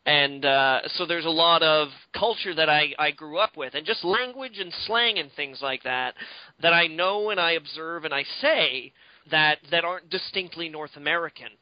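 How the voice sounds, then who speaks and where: Animated man, dull dry sound. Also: a little high, moderate pace, no echo. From Canada. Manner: rambling, profane, animated. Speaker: podcast co-host. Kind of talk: casual podcast chat.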